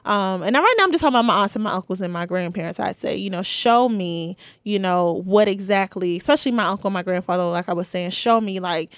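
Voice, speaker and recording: Young woman just chatting on her podcast, lots of like and you know, pretty mid-pitched, dry room. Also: quick pace, hardly any pauses, no room sound. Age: 20s. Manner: chatty, candid, many "you know" and "like" fillers. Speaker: podcast host. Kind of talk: casual solo podcast talk.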